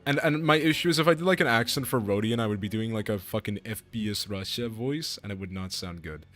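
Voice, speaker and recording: A young man streaming a game, talking casually in a rambling, excitable way with lots of restarts and swearing. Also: on the low side, fast talker, soft background music. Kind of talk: casual gameplay commentary.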